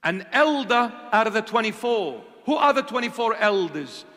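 A man preaching a sermon as a bishop, impassioned and full of rhetorical questions, swinging between loud and hushed delivery. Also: sits high, very animated, moderate pace. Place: church. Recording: long church reverb.

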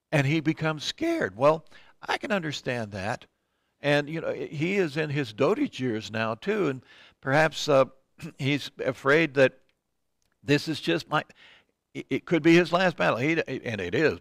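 A man's voice: a little high, creaky, fairly bright tone, no echo, clean studio sound. An older man teaching a Bible study, reading scripture aloud and commenting in a conversational way, with frequent ums and restarts.

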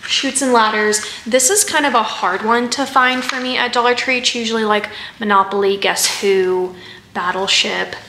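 A fairly high, gravelly woman's voice rambles casually through a home haul vlog, full of fillers and side comments. Her tone is bright and forward. The room gives her an echoey ring, with a faint hiss of noise behind. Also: fairly even intonation, moderate pace. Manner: rambling, filler-heavy, with asides. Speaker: haul vlogger.

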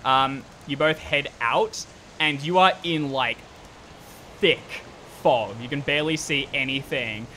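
A man's voice: mid-range voice, slow, bright, forceful tone, slight background noise. A man running a tabletop horror game as game master, narrating in a loose, rambling way with many fillers.

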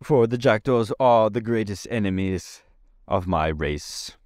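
A man voicing a learned insect gentleman, speaking in a slow, drawn-out sorrowful way. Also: lowish voice, animated, no room sound, studio quality. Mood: gloomy.

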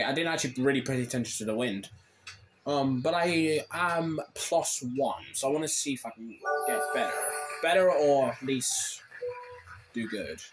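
Grumbling man with lively, swinging pitch. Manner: irritable, grumbling, bursts into shouted complaints. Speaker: gaming channel host. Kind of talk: live gameplay commentary.

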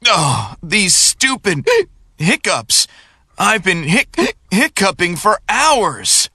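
Textbook audio: a relaxed young man, bright tone, unhurried. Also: high-pitched, creaky, husky, no room sound, exaggerated voice. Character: friendly young man, driver with hiccups. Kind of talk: textbook listening dialogue.

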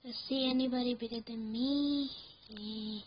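A woman giving live commentary on her gameplay, excitable, yelling at the game and repeating words over and over. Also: on the high side, normal speed, muffled recording, background noise.

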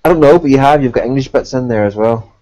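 A man's voice: mid-range voice, quick pace, dark tone, low-quality recording. Teasing man co-hosting. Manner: teasing, jokey banter. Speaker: co-host. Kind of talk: casual live-stream chat.

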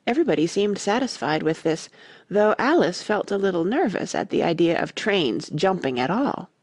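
Woman audiobook narrator, storybook, expressive, husky, dry close mic. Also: on the low side, normal speed, no room sound. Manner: expressive, animated reading.

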